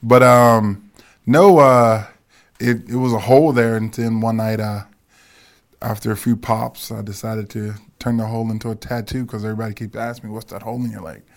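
Gravelly low-voiced man telling stories. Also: steady tone, normal speed. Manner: storytelling, laughs while talking. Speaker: guest, football coach. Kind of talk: casual podcast chat.

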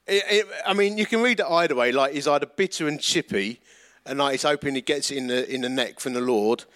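A man's voice: medium pitch, a little fast, a bit bright. A middle-aged male pastor, preaching in a chatty storytelling way that pokes fun at himself and acts out the voices of people in his stories. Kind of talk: storytelling sermon.

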